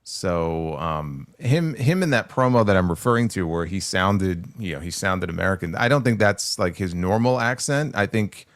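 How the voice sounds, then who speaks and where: A man talks wrestling in a relaxed, halting way, circling back and restarting as he works through his point. His voice sits low. The mic is close and dry. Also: dry recording. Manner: hesitant, many fillers and restarts while explaining. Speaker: podcast co-host. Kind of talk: casual wrestling talk.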